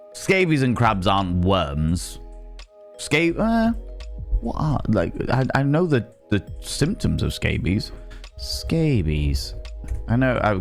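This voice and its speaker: A man chatting casually with his viewers on a live stream, greeting them by name and rambling playfully between topics. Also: mid-range voice.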